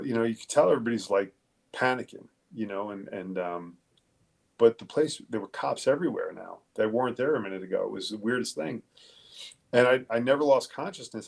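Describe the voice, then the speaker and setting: A middle-aged man from Long Island, New York, a police detective telling his story in a casual interview, halting and profane, with many fillers and restarts. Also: fairly low pitch, vocal fry.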